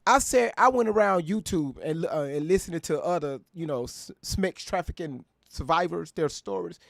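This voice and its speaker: A man's voice: on the high side, animated, moderate pace, vocal fry, dry recording, clean studio sound. Profane, mocking male commentary host. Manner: profane, mocking, laughs often. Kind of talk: casual reaction commentary.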